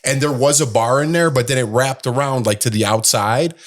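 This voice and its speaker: Middle-aged man, podcast co-host, casual chat, animated grumbling storyteller. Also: medium pitch, fairly quick.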